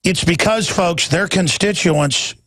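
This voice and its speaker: A man's voice: sits high, slow pace, fairly bright tone, no echo. A middle-aged man hosting a talk radio show, delivering an indignant, emphatic rant from a broadcast studio. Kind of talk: heated broadcast monologue.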